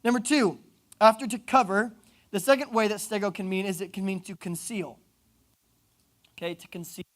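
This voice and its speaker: A young man from Oklahoma preaching a youth sermon, telling stories with jokes and quick asides. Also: high-pitched. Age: young adult. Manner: animated, joking storyteller with asides. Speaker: youth pastor.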